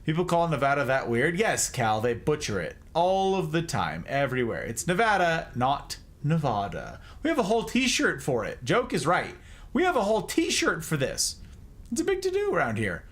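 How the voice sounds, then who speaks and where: Male streamer, playful teasing, bouncy high voice, laughs often, desk mic. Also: huge pitch swings, normal speed, a bit bright. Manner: playful, teasing, joking mispronunciations. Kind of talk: casual livestream chat with viewers.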